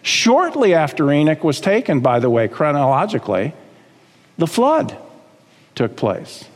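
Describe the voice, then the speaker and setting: A man preaching a sermon as pastor, emphatic, climbing high on key words and dropping low again. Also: huge pitch swings, unhurried, in a large hall.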